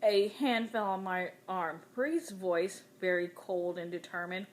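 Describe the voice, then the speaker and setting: A woman reading a novel aloud in the first person with dramatic, expressive delivery. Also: fairly low pitch, a little slow. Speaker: audiobook reader.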